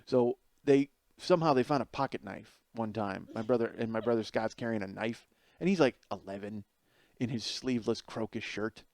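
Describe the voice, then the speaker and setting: A middle-aged man hosting a podcast, telling a comedic story in an animated way, swearing freely and laughing through the punchlines. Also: fairly low pitch, normal speed, no room sound. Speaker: podcast host.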